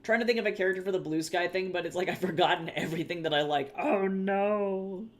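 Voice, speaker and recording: A man from the US with a high-pitched voice chats loosely with his stream viewers. He reacts to chat and swears freely. Keyboard typing is heard behind him. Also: fast talker. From United States. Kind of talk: casual livestream chat with viewers.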